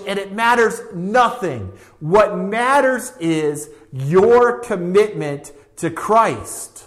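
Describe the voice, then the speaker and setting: A man's voice: high-pitched, lively intonation, very slow, hardly any pauses. A man preaching a sermon with an emphatic, repetitive cadence, reading scripture aloud. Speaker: pastor.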